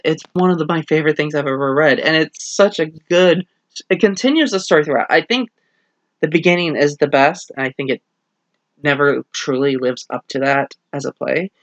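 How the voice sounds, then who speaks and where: An enthusiastic reviewer rambles through a casual spoken review, stacking up fillers and now and then acting out bits of dialogue. The voice sits in a middle pitch. The recording is dry and close, with no room echo. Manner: acts out quoted dialogue in shifting voices. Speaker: play reviewer.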